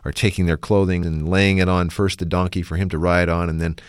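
Male radio host, very low voice, dry close sound, earnest Bible discussion. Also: flat delivery, a little fast, clear, resonant tone, no echo.

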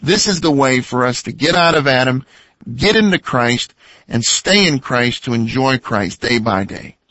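A man co-hosting a radio teaching program, explaining points in an earnest, measured way, heard on a slightly dull lo-fi recording. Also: medium pitch, animated, a bit bright, no echo. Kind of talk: scripted teaching talk.

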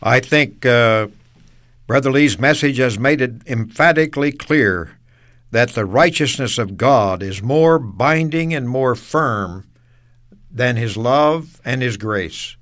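A man's voice: medium pitch, lively intonation, a bit bright. Earnest man co-hosting a sermon discussion. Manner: earnest, affirming, measured. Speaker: radio program co-host.

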